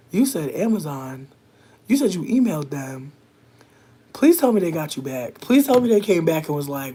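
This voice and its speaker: Casting note: woman streamer talking casually to her chat, lively swooping pitch, breaks into loud laughing shouts. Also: normal speed. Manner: animated, loud laughing outbursts, slangy and profane. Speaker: livestream host reacting to chat.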